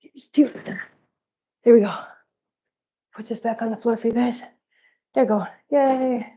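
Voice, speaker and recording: A woman's voice: a little high, fairly even intonation, a little slow. Woman host, casual unscripted chat, short of breath, baby-talks pets; slightly muffled audio. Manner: chatty, coos at cats in baby talk. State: overheated and out of breath. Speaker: cat channel vlogger. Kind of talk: unscripted live-stream chat while cleaning.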